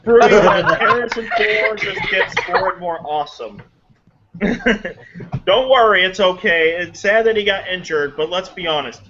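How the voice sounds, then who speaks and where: Bright-voiced man hosting a geek podcast. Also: a little high. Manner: animated storyteller who acts out quotes. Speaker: podcast host. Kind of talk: casual chat. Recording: dull lo-fi audio, faint hiss.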